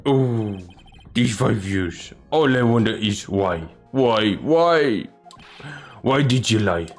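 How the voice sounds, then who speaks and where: A man voicing a desperate, grieving convict who speaks in halting, broken English. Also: on the low side, lively intonation, faint music behind. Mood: mournful.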